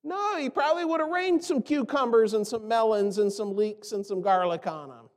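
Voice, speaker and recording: Speaking at a normal pace in a large hall, a pastor with a high-sitting voice preaches in a conversational manner. He throws out rhetorical questions and performs the complaints he quotes.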